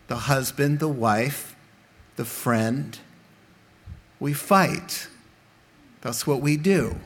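A pastor preaching from the pulpit with lively, animated delivery, his voice sitting a bit above the usual male range. He mixes humor with earnest pleading to the congregation in a church sanctuary. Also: fairly high pitch. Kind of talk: sermon.

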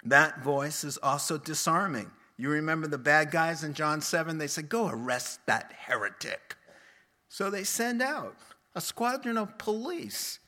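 A man preaching a sermon in a bright, high voice. He takes his time, letting each phrase land, and he acts out the voices in the stories he tells. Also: unhurried. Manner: expressive preaching, acting out quoted voices. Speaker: pastor.

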